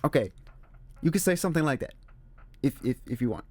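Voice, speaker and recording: A man hosting a casual solo movie talk, emphatic and animated, repeating his points. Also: medium pitch, fairly quick, no echo. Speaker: movie review host. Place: room with a squeaky chair.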